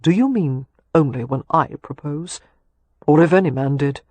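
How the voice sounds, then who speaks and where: Man reading as wry gentleman suitor, teasing, dry humor, husky tone, close dry sound. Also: fairly high pitch, normal speed, no echo, natural voice. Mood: earnest. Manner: dry teasing quips, earnest. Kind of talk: audiobook character dialogue.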